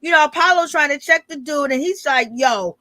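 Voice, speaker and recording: Woman, casual live-stream host, animated, slightly high voice, dry close sound. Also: brisk, no echo. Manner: animated, greets chat viewers, acts out quotes. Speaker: reality TV commentary host.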